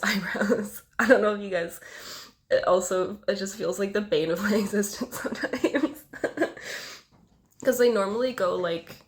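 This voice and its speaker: A woman's voice: on the low side, a bit bright. A young woman vlogger with a cold, sounding nasal and congested, talking casually to camera and rambling self-consciously with lots of filler words. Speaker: beauty vlogger.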